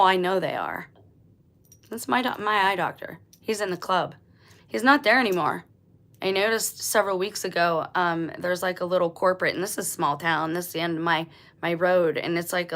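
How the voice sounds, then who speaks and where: A woman's voice: lowish voice, a bit bright. A woman hosting her own channel, talking straight to her viewers in an insistent, conversational monologue and repeating her points for emphasis. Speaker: channel host. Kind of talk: conspiracy monologue to camera.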